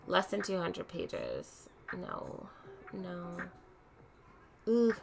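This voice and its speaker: A woman giving casual, excitable commentary while playing a cozy video game, talking to herself with lots of "okay"s. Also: lowish voice, very slow, gravelly, a little hiss or hum. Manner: chatty, excitable, many "okay"s. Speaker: let's play host. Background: soft game music.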